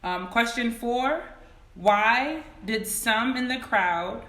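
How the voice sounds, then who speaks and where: A woman teaching Sunday school over a phone livestream. She speaks slowly with a bright, forceful tone and reads each question twice. The room around her sounds echoey. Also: on the high side, expressive. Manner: greets viewers by name, reads questions slowly and repeats them. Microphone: phone camera.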